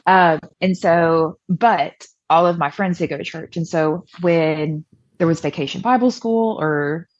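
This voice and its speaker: Young woman, from the American South, lowish voice, chatty storytelling, dry muffled recording. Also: measured pace, dry recording. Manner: chatty, self-deprecating, acts out past dialogue. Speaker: podcast guest. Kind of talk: personal storytelling in an interview.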